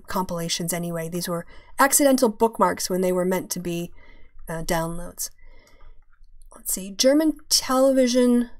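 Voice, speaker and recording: A woman hosting a casual live-stream chat, opinionated and chatty as she fumbles with her browser tabs. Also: mid-range voice. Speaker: podcast host.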